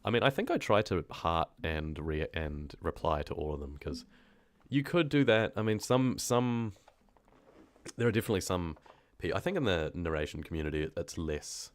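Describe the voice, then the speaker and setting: Deep-voiced New man chatting. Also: moderate pace. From New Zealand. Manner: relaxed, rambling, laughs easily. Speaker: horror story narrator and streamer. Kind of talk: casual live-stream chat with viewers.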